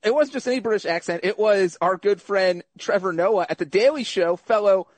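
A man's voice: sits high, a little fast, dry recording. A man co-hosting a podcast, teasing his colleagues in casual banter. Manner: wry, teasing. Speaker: podcast co-host.

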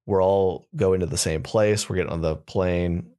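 A man's voice: low voice, moderate pace, smooth. A man co-hosting a casual comedy podcast, telling stories and acting out people he meets in funny voices. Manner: animated storyteller, acts out people in funny voices. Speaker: podcast co-host.

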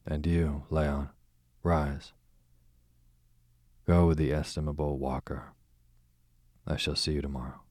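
A languid aristocratic duke with a dry, sarcastic drawl, read by a man in a bedtime audiobook. The voice is extremely deep and flat, the pace unhurried, the sound close and dry. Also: no echo. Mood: sardonic.

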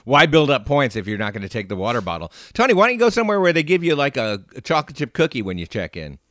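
A man's voice: medium pitch, sing-song, fast talker, a bit bright, dry recording. A man co-hosting a comedy podcast, teasing the others and giving playful mock introductions. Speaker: podcast host. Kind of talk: casual comedic chat.

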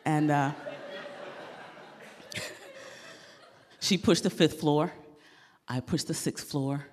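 A woman comedian performing a stand-up set, animated and laughing at her own jokes, on a club stage mic. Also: low voice, extremely slow, in a large hall.

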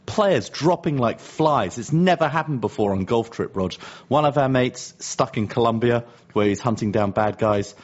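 A man's voice: mid-range voice, animated, moderate pace, lo-fi sound. A man co-hosting a podcast, chatting casually with dry, teasing banter. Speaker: podcast co-host. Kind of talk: casual chat.

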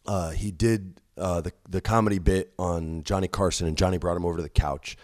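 A man's voice: brisk, no room sound, clean studio sound. A middle-aged man telling stories in casual chat, acting out quoted voices with big jumps and swearing freely. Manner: animated, acts out quotes with big pitch jumps, frequent swearing. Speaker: podcast guest.

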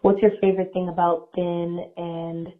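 A woman's voice: fairly low pitch, level tone, normal speed. A woman hesitantly asking a podcast host a question. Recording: tinny phone line.

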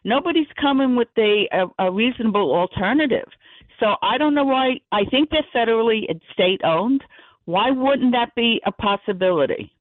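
A woman's voice: on the high side, animated, normal speed, no room sound. A woman calling a radio talk show, earnestly offering a suggestion. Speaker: caller. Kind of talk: phone-in chat. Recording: tinny phone line.

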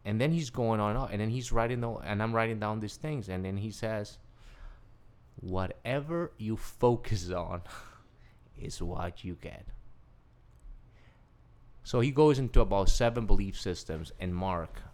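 Guy guesting on a show, excitable storyteller, acts out the quotes, kinda lowish voice. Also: measured pace. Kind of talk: animated personal storytelling.

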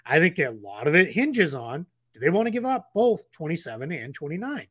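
A man's voice: a little high, very animated, fairly quick, fairly bright tone, breathy edge, dry recording. A man co-hosting a casual basketball podcast, rambling with restarts and fillers. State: getting the hiccups. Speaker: podcast co-host analyst.

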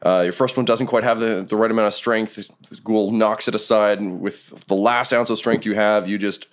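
A man narrating a tabletop game as dungeon master, laid-back and hesitant with many pauses. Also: fairly low pitch, fairly even intonation.

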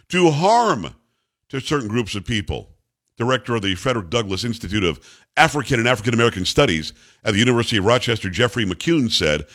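This talk radio host is a man whose medium-pitched voice has a fairly bright tone. He reads news items on air and mocks them with combative sarcasm in an opinionated monologue.

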